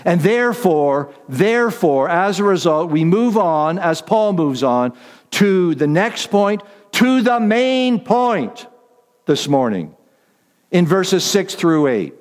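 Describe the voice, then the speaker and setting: A man's voice: fairly high pitch, expressive. Male pastor preaching in a reverberant hall. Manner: deliberate, repetitive emphasis with slowed key phrases; self-deprecating asides. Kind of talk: sermon.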